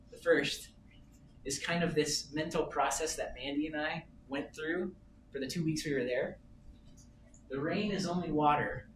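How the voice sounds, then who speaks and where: A man in his thirties giving a talk at a sales meeting, telling a travel story in an animated, self-amused way. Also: on the high side. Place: meeting room. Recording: roomy, distant, noisy meeting room.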